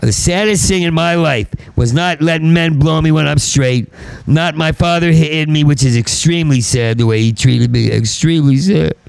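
A man's voice: fairly high pitch, normal speed, vocal fry, no room sound, rough recording. A middle-aged man with a heavy stutter, delivering a rambling, bitter stand-up monologue. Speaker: stand-up comedian.

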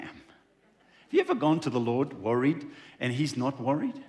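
A man preaches in a church, his pitch leaping high and dropping low as he talks. He slips in and out of little voices for the people in his story, and his delivery stays conversational. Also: measured pace. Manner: animated, conversational preaching with acted-out dialogue. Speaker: pastor. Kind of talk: sermon.

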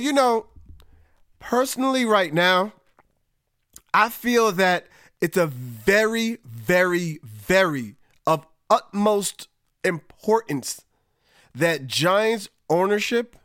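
Male sports-podcast host, high-pitched, dry recording, frustrated casual rant. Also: a bit bright, dry recording. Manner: frustrated, conversational, drags out words for emphasis.

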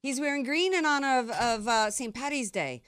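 A woman's voice: high-pitched, expressive, normal speed, a bit bright, clean tone, no echo, studio quality. Chatty woman talk radio host. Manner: chatty, rambling, many restarts. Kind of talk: political talk radio monologue. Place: radio studio. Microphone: studio microphone.

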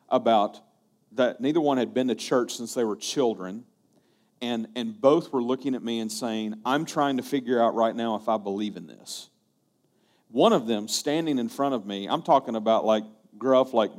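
A male pastor preaching a sermon, telling a story earnestly and often repeating his words. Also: mid-range voice.

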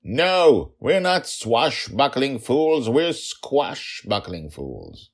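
A man voicing a stubborn four-and-a-half-year-old girl who keeps shouting her refusals in a fantasy audio story. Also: lowish voice, lively intonation, takes it slowly, pitched above the performer's own voice. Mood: defiant.

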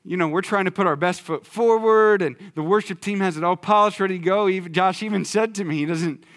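A male pastor giving a sermon in a church, talking in a conversational way that swings from quiet, low emphasis to loud excitement. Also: a little fast. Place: church sanctuary.

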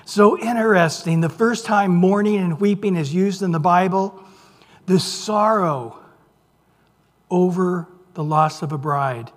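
A man preaching a sermon, dropping to near whispers and rising to loud emphasis, drawing out scripture slowly. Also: high voice. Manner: reads scripture aloud with slow, drawn-out phrases. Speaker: pastor. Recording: long reverb of a large hall.

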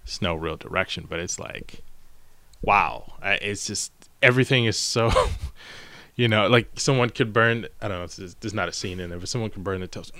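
Bright-voiced man, rambling storyteller. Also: fairly low pitch, normal speed, no room sound. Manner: rambling, animated storytelling with acted-out quotes. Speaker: podcast co-host. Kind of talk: casual chat.

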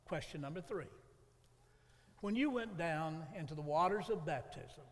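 A man's voice: fairly high pitch, moderate pace, long reverb tail. A man preaching a sermon, telling folksy stories to his congregation. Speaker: pastor.

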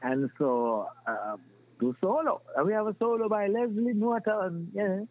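A man's voice: sits high, unhurried, no echo. Man on a tinny line. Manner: animated, restarts often, breaks into impressions. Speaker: guest. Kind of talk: casual storytelling. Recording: dry, tinny phone-like sound.

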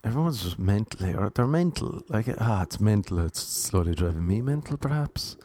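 Low-voiced man telling wry rambling stories. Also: lively intonation, normal speed, warm tone. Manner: rambling, wry, self-deprecating humour. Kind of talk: casual solo storytelling monologue.

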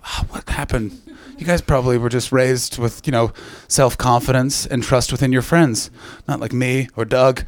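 A Canadian stand-up comedian with a medium-pitched, steady voice performs live at a moderate pace. He does crowd work, teasing the audience with brash, profane banter.

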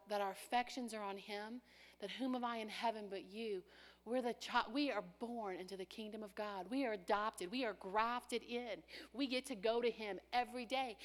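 A woman's voice: fairly high pitch, normal speed. A woman preaching a sermon, acting out prayers in a child's voice and dropping at times to a whisper.

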